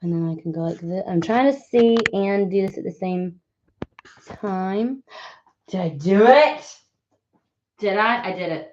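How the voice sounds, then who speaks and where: A woman's voice: medium pitch, a little slow, long pauses, darkish tone, slight background noise. Rambling, swearing woman in a roomy room. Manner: rambling and chatty, swears freely. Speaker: tarot reader hosting a live stream. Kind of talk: casual live-stream chat. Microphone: webcam. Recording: roomy, slightly dull home webcam audio.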